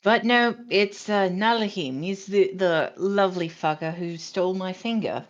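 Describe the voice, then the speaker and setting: A woman's voice: mid-range voice, measured pace, dull audio. A woman player in a tabletop game, candid and blunt. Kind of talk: casual tabletop game chat.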